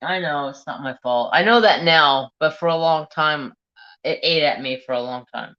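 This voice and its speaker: A man telling a personal story in a slow, halting, reflective way while he works on a craft. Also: a little high, dull audio. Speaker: crafting vlogger.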